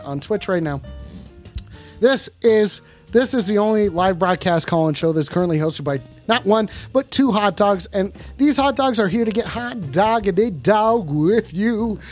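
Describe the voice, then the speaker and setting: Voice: mid-range voice, expressive, moderate pace, faint music behind, lightly acted. A streamer playing a brash, needy hot dog who hosts a late-night call-in show, with swaggering radio-host patter that drawls and scats. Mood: hammy. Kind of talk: comic live-stream role-play.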